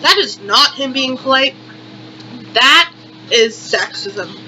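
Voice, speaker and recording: A woman's voice: high-pitched, lively intonation, a little slow, sharp tone, a little hiss or hum, low-quality recording. A young woman vlogger performing a satirical monologue in exaggerated, repetitive, melodramatic outrage.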